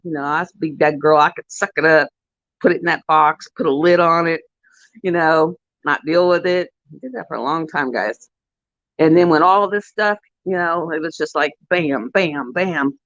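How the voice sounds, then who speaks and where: A woman with a lowish, slightly bright voice hosts a livestream, chatting casually with viewers and telling stories in a rambling, heartfelt way. The sound is dull, dry and lo-fi, with no echo.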